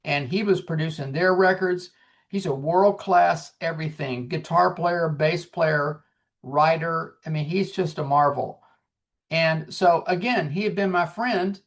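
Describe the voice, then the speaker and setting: A man in his sixties, a singer-songwriter guest, telling his story in an earnest, animated way and acting out the dialogue. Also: fairly high pitch, measured pace. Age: 60s. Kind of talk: casual storytelling.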